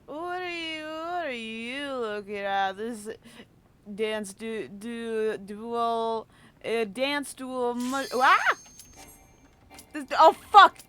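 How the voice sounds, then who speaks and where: A woman's voice: on the high side, drawn-out words, slight background noise. A woman streaming a video game, frustrated and swearing as she plays.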